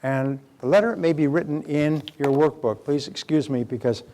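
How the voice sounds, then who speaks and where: A man's voice: on the high side, moderate pace, dark tone. Earnest older man lecturing a seminar. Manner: earnest, conversational, asks the audience questions. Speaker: seminar speaker. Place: live seminar before an audience.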